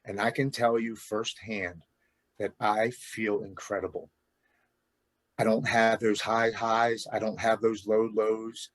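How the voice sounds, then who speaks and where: Earnest low-voiced man in his forties. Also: dry recording. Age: 40s. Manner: earnest, emotional storytelling. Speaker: guest. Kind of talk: personal recovery story.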